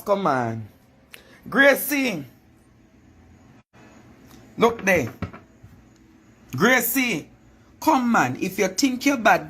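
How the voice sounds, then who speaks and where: A woman's voice: medium pitch, a bit bright, a little hiss or hum. A Jamaican woman in a taunting, preacher-like monologue, repeating her phrases for effect. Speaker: vlogger. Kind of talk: confrontational monologue.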